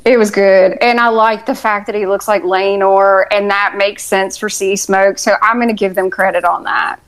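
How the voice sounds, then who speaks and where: Female podcast co-host, mid-pitched, casual and sarcastic in an easygoing review chat. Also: fairly even intonation, moderate pace, poor audio. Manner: dry, sarcastic asides.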